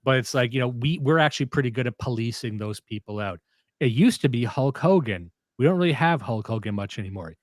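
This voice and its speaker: A man hosting a podcast in casual chat, crude and profane, excitable, jumping between topics. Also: medium pitch, brisk, no echo, studio quality. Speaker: podcast host.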